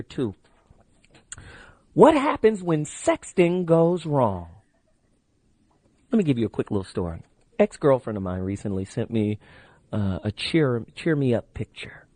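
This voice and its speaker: A middle-aged man hosts a late-night radio call-in show from a radio studio, his mid-range, slightly mellow voice recorded dry on a studio microphone. Loose and brash, he tells stories and keeps pushing the phone number.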